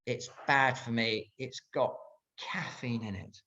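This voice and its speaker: A man voicing a calm, polite male prisoner who refuses firmly but courteously. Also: mid-range voice, slow, dull audio. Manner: polite and matter-of-fact.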